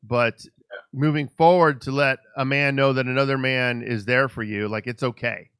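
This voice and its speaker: Male interview host, mid pitch, animated storyteller, dry close mic. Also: moderate pace, clear, resonant tone, no echo. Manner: animated storyteller who acts out quoted dialogue. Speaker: podcast host. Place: Los Angeles.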